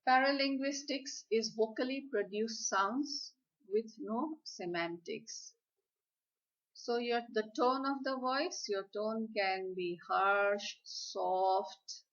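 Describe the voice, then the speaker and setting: Woman lecturer talking real slow and careful, kinda dull lo-fi audio. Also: fairly high pitch. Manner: slow, deliberate, instructive. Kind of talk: slide lecture on communication skills.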